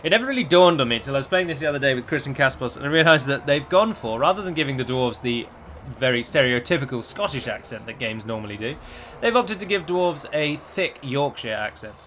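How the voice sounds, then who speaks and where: A man's voice: mid-range voice, lively intonation, fast, a bit bright, slight background noise. A man commenting on his own strategy game, chatty and wry, asking his units what they are doing. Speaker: gameplay commentator.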